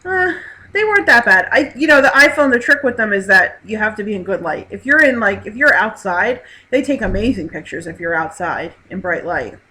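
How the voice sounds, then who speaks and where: A woman's voice: medium pitch, animated, fairly quick, few pauses, bright, forceful tone, poor audio. A woman hosting a live online hangout, chatting casually, reading viewer messages aloud and laughing often. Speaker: host. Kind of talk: casual live stream chat.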